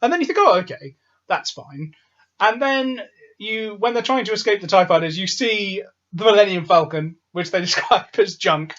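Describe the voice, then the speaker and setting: A man's voice: sits high, normal speed, fairly bright tone. A man co-hosting a casual film review, rambling and hedging his opinions. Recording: dull lo-fi sound.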